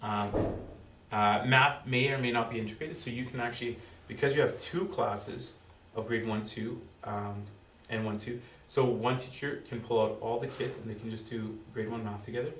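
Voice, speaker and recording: A man giving a school presentation to parents, explaining in a halting way full of fillers and restarts. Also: medium pitch, steady tone, a bit bright. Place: school room with audience. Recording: roomy, distant, faint background noise.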